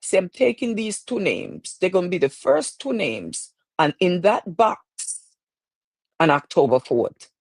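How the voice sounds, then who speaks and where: Woman host, preacherly, emotional, very animated pitch, dry sound. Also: a little slow, slightly rough, dry recording. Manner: emotional, preacherly, repeating phrases. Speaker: show host. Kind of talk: impassioned live-stream talk.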